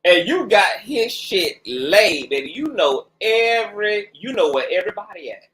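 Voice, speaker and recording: A woman hosting a gossip commentary channel, talking in a sassy, mocking way with laughs and drawn-out asides. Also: mid-range voice, big pitch swings, a bit bright. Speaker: commentary host.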